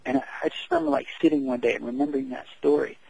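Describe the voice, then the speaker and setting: Gravelly, husky man telling a personal story. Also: medium pitch, huge pitch swings, warm tone, no room sound, rough recording. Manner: earnest, halting, many restarts and fillers. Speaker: author and coach, guest.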